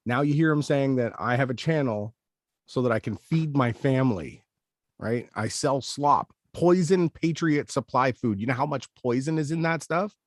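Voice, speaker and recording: A man's voice: medium pitch, expressive, normal speed, no echo, studio quality. A man hosting a commentary show, ranting indignantly and emphatically about a clip he has just played. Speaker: channel host.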